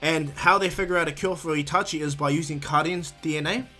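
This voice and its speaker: A man's voice: on the high side, fairly even intonation, brisk, bright, forceful tone, soft background music. A man casually retelling a fan story, rambling with lots of ums and restarts. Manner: rambling, many fillers and restarts.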